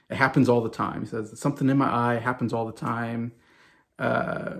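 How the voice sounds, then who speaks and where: A man's voice: medium pitch, creaky. A man around forty talking casually to camera as a music vlogger, enthusiastic and rambling, with lots of fillers and restarts.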